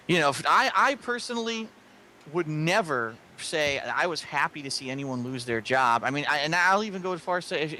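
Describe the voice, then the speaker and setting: Male co-host, tense bright tone, emphatic ranting; faint noise in the background. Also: on the high side. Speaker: co-host of a gaming video. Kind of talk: opinionated gaming discussion.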